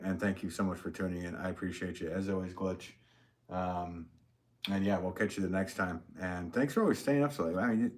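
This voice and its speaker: A man, a potter, chatting casually to viewers on a live stream from his studio, rambling with lots of fillers and laughs. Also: low voice.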